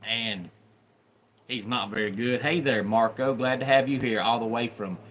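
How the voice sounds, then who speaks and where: A man from the Deep South with a Southern accent, hosting a casual live stream, chatting about college football and greeting viewers by name. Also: moderate pace, fairly bright tone. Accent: Southern American. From Deep South, USA. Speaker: livestream host.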